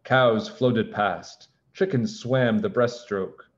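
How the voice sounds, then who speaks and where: A man reading a picture book aloud to children, gently explaining words as he goes. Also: fairly low pitch, slow pace, muffled recording. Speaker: teacher reading a storybook aloud.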